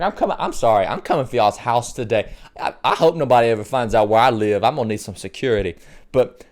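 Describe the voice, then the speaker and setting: A man preaching a sermon in an excitable, joking way, repeating phrases for emphasis. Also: on the high side. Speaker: pastor.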